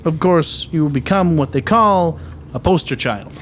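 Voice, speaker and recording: A dry, wisecracking private eye, played by an actor who narrates in hardboiled fashion. His slightly high voice swings widely, with a faint hiss in the background. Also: expressive, moderate pace, fairly bright tone. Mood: wry. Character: wry male private eye, dry wit.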